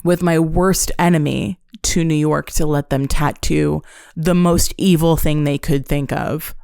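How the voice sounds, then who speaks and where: A woman's voice: deep voice, steady tone, unhurried, vocal fry, a little mellow, no room sound, clean studio sound. A woman hosting a solo podcast, recapping a show in a profane, sarcastic, joking way. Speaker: podcast host. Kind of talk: casual solo podcast storytelling.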